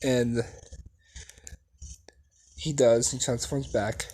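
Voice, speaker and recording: A man improvising and narrating a fan story, halting often with fillers and laughing at his own slips. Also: mid-range voice, fairly even intonation, warm tone, low-quality recording. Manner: halting, full of fillers, self-deprecating.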